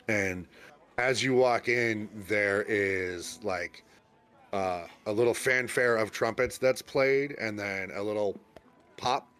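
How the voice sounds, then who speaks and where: Low-voiced man narrating a tabletop game. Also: a bit bright. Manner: rambling, full of fillers and restarts. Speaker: game master.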